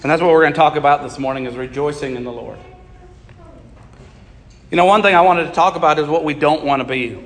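Pastor guy preaching, slightly high voice, long church echo. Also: fast talker, long pauses, soft background music. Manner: steady preaching, reading scripture aloud and explaining it. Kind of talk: sermon.

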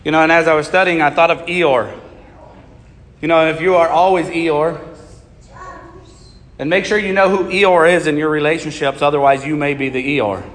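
Pastor guy preaching, slightly high voice, long church echo. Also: normal speed, long pauses. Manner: steady preaching, reading scripture aloud and explaining it. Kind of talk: sermon.

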